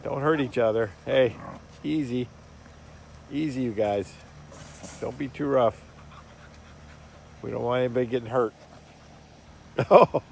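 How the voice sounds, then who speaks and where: Gravelly-voiced man talking to his dogs. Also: mid-range voice, unhurried, long pauses, a little hiss or hum. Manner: coaxing and gently scolding the dogs. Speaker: dog owner filming his pets. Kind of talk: casual talk to pets. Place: outdoors in a yard.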